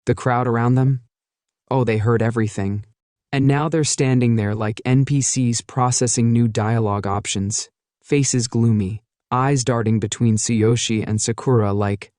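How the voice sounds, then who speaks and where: A man's voice: medium pitch, steady tone, moderate pace, a little mellow, no room sound, studio quality. A man narrating a comic story recap in a playful, jokey storytelling manner.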